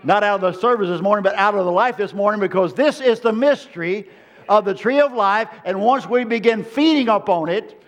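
A man with a high-pitched voice delivers a sermon from the pulpit. He hammers his points home with repeated phrases and reaches out to the congregation for amens. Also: brisk. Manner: emphatic preaching with repeated phrases. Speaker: preacher.

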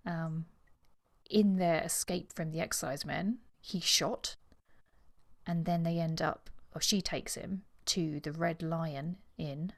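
A woman's voice: low-pitched, steady tone, slow, creaky. A woman co-hosting a podcast, talking in a chatty, hesitant way about a novel, with frequent ums. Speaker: podcast co-host. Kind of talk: casual book chat.

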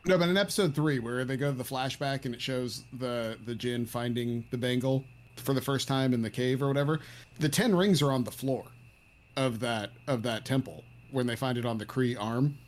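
A man's voice: medium pitch, moderate pace. A man co-hosting a casual movie review chat, enthusiastic and jokey as he talks. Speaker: podcast co-host.

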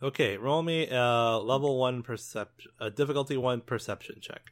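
A man running a tabletop role-playing game, calm and matter-of-fact. He narrates scenes and asks for dice rolls in an easy, casual way. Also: mid-range voice, normal speed. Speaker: game master.

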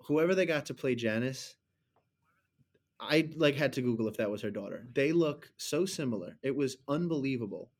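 Chatting casually with friends about a movie, a man rambles, gets animated and throws in mocking asides. He talks at a moderate pace, his pitch in the middle range for a man.

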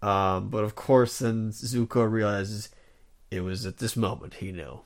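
A man's voice: fairly low pitch, measured pace. A man co-hosting a podcast, chatting casually in a rambling way with many fillers and restarts. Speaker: podcast co-host. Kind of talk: casual chat.

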